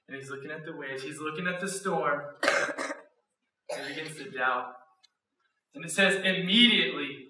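A man, a student pastor, preaching a sermon with lively storytelling and acted-out quotes. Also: a little high. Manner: animated storyteller, acts out quotes, laughs often. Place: church auditorium. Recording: echoey hall, mic at a distance.

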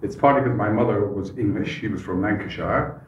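An older man speaks with a soft, educated Edinburgh accent, recalling his past in a measured, anecdotal way. His voice sits on the low side. It is recorded from a distance in an echoey room, and the sound is slightly dull. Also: slight background noise. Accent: Edinburgh middle-class Scottish. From Edinburgh, Scotland. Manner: measured, anecdotal, with frequent "uh" pauses. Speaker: guest, former politician. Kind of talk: relaxed podcast interview.

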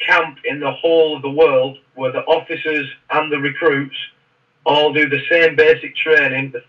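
Brief: man, fairly high, bright voice, rambling storyteller, mic distant and muffled. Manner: rambling, frequent restarts. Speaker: podcast guest, former Royal Marine. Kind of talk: casual interview storytelling. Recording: muffled, distant podcast audio.

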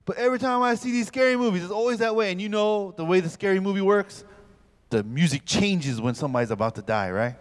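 Animated, fairly high-voiced male pastor. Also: fast talker, smooth. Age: 40s. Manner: animated comic storytelling, acts out scenes. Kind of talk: humorous lecture to a youth camp.

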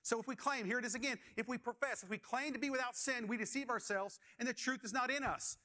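A man with a high, bright voice preaches a sermon to his congregation. He leans on questions to the listeners and stories from his own past. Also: fast. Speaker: pastor.

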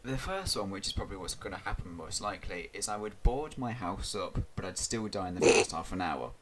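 A man's voice: sits low, fairly quick, very noisy. A man co-hosting a podcast in casual chat, rambling and joking at his own expense. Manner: rambling, self-deprecating, lively delivery. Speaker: podcast co-host.

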